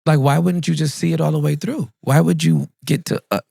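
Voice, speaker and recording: A man, a pastor and podcast guest, telling a funny story in a playful, self-mocking way and swooping up high for the punchlines. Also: fairly even intonation, a little fast, vocal fry, mellow, slightly rough, dry recording, studio quality. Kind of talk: animated comic storytelling in a podcast interview.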